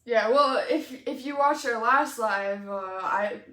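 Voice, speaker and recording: This homebrewing co-host has a voice on the high side with a fairly bright tone, and she speaks slowly. Tasting beer in an echoey room, she keeps things casual, laughs a lot, and fills her speech with fillers.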